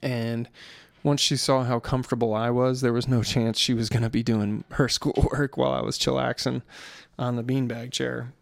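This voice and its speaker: A man's voice: medium pitch, moderate pace, creaky, no room sound. A man in his thirties, tired and yawning, rambling through a casual solo podcast about his day. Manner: rambling storyteller, yawning, relaxed. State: tired, sleepy. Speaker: podcast host.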